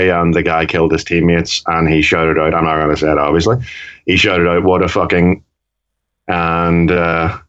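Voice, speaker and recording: A Northern Irish man with a very deep voice chats loosely on a podcast, wandering through his points and correcting himself as he goes. The sound is a little dull and lo-fi. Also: a bit bright, smooth. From Northern Ireland. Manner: rambling, self-correcting. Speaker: podcast co-host. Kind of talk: casual chat.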